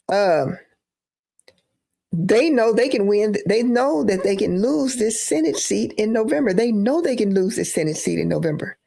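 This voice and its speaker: A woman's voice: a little high, creaky, a little mellow. A woman giving emphatic live-stream political commentary, repeating phrases for emphasis.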